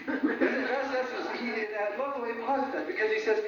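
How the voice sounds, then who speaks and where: A man giving an informal lecture, animated, laughing at his own jokes and often asking "right?". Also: very high-pitched, moderate pace, noisy background. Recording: echoey room from a distant mic, dull sound.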